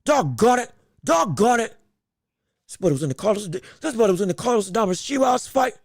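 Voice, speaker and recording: A man with a very high, gravelly voice hosts a casual livestream show. He talks excitably and rambles, repeating words. The sound is dry and close. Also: normal speed, no room sound. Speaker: boxing podcast host.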